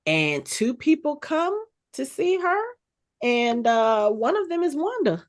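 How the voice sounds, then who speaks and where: A woman co-hosting a podcast, casually recapping an episode with animated, chatty storytelling. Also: high-pitched, takes it slowly. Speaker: podcast co-host.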